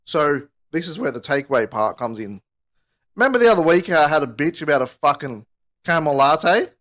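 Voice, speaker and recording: A man's voice: expressive, a little fast, fairly bright tone. Sweary man telling a story. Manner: rambling, sweary, acts out quotes in higher voices. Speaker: podcast co-host. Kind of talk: casual storytelling chat.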